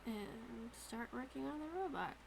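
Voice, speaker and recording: Woman with a gravelly fry, tabletop player. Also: on the high side, lively intonation, measured pace, noisy background. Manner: easygoing, speaking partly in character. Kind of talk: playing a tabletop game.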